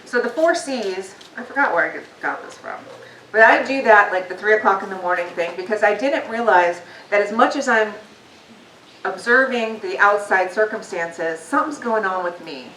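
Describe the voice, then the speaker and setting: A guest speaker gives a candid, conversational motivational talk about her own life to a live audience in a meeting hall, with frequent ums. Her medium-pitched, fairly bright voice is animated and at normal speed, recorded roomy and distant with faint noise.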